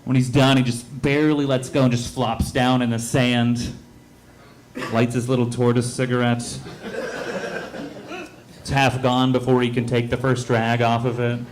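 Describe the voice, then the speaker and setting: A man performing a stand-up comedy set on a club stage into a handheld mic, telling stories deadpan and acting out the voices of the people in them. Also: mid-range voice, measured pace, long pauses, a crowd in the background. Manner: deadpan storytelling with acted-out voices.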